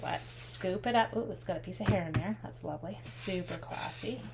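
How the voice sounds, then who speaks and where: A woman's voice: on the low side, moderate pace, vocal fry. A woman hosting a live stamping demo, chatty and upbeat, thinking aloud and answering viewer comments. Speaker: craft instructor and live stream host. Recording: steady background noise with clicks.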